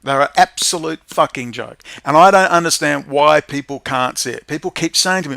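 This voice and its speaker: A man hosting a livestream, ranting profanely to his viewers and swinging between muttering and shouting. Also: on the high side, normal speed, vocal fry, hardly any pauses, no echo. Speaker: livestream host.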